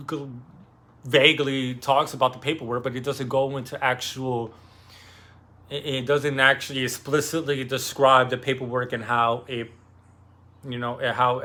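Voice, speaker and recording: A man's voice: medium pitch, pushed and bright. Rambling young man summarizing a novel. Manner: rambling, swearing, acts out characters' lines. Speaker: book discussion host. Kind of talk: casual book summary.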